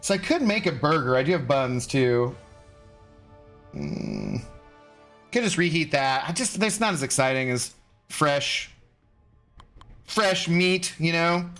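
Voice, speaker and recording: Man, game streamer, rambling casual chat, fairly high voice, faint music behind. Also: wildly swooping pitch, slow pace, long pauses, fairly bright tone. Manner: rambling, chatty, reads chat aloud and answers. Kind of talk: casual live-stream chat while gaming.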